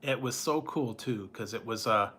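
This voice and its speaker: A man's voice: medium pitch, normal speed, pushed and bright, slightly rough. A man chatting casually as a food reviewer, rambling, trailing off, and chuckling often between remarks. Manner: nostalgic, trails off and restarts. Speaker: food reviewer reading live chat. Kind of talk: casual chat.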